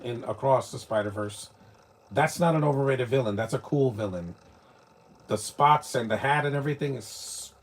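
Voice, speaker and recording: A husky-voiced man from New York talks through a film in a casual live watch-along. His delivery is rambling and opinionated, full of restarts, at a middle pitch. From New York, United States. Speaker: live movie commentator.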